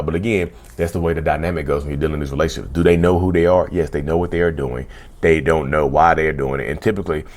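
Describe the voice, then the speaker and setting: A man hosting his own channel, talking casually and repetitively to viewers, often saying "y'all". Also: a bass voice. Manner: conversational, repeats himself, often says "y'all". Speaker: channel host. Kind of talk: casual talk to camera.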